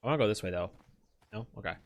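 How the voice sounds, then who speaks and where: A man's voice: lowish voice, lively intonation, very fast. An American man streaming a game, rambling in casual commentary with profanity and self-deprecating asides. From United States.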